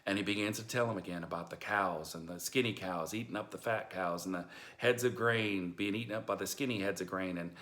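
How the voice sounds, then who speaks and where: A man's voice: deep voice, fairly quick, fairly bright tone. A man retelling a Bible story in a casual, folksy way, acting out the characters in modern slang. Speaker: storyteller preacher.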